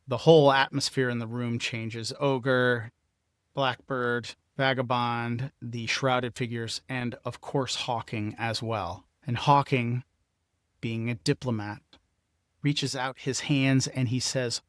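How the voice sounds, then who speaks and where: Slow, methodical man narrating a solo game. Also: mid-range voice, steady tone, a bit bright, no room sound, clean studio sound. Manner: methodical, explaining game mechanics. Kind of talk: solo tabletop actual-play narration.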